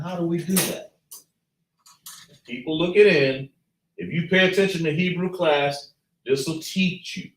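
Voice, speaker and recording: A man teaching a slow lesson at a chart, patiently breaking down and repeating sounds as he writes them out. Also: fairly high pitch, distant mic. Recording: echoey room, voice from afar.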